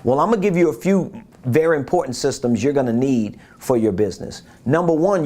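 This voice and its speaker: A man's voice: mid-range voice, animated, fairly quick, dark tone. A man giving a casual business coaching talk, repeating his points and asking rhetorical questions.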